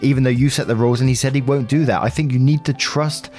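A man's voice: mid-range voice, steady tone, fast, a little mellow, faint music behind. A man hosting a story channel, reading posts and commenters' replies aloud and adding his own dry opinions.

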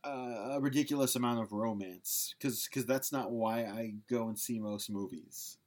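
A man hosting a podcast, relaxed and self-deprecating in casual chat. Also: medium pitch, normal speed. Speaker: podcast host.

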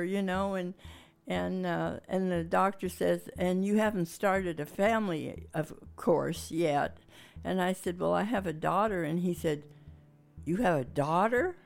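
Gravelly older woman telling her story. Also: medium pitch, measured pace, soft background music. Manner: rambling, acts out quoted dialogue. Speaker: interviewee. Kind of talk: oral history storytelling.

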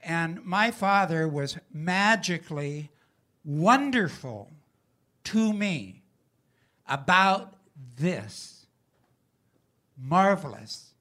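A man's voice: a little high, lively intonation, extremely slow, long pauses, bright, forceful tone. An older man, a rural-raised singer-songwriter, telling folksy stories in an interview, emotional and often laughing. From rural United States. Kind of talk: storytelling interview.

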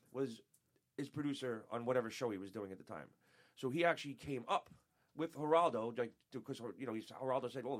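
A man from upstate New York, a former radio show staffer, telling profane, animated stories as a guest in a casual chat. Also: medium pitch. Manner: profane, animated, laughing, acts out quotes.

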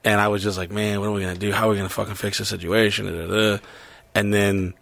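A man's voice: fairly low pitch, little pitch movement, fast, gravelly, a bit bright, dry recording. Man hosting a podcast, reading out member names. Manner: loose, profane, reads out listener names. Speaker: podcast host. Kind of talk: casual podcast chat.

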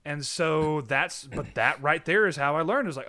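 A man's voice: a little high, moderate pace, pushed and bright. A man who is a parent, chatting casually as a podcast co-host, rambling and laughing often as he talks. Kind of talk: casual chat.

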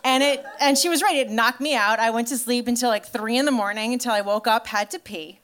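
A woman telling a story in a stand-up comedy set, chatty and animated, full of "like" and swearing. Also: on the high side, brisk. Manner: animated storytelling to a live audience.

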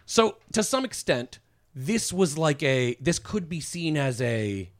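A man's voice: on the high side, sing-song, takes it slowly. A man presenting as a guest on a casual podcast, explaining with lots of fillers and restarts. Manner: hesitant, full of fillers.

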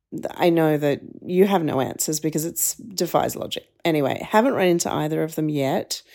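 A woman podcast co-host chats breezily and ramblingly in casual voice memos sent while walking around a city. Her voice is lowish, creaky, and darkish in tone.

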